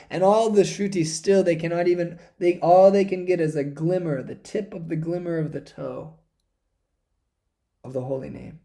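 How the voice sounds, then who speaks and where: A man giving a devotional talk, telling a sacred story dramatically, swinging from hushed passages to intense ones. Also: fairly high pitch, moderate pace, creaky. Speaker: spiritual speaker.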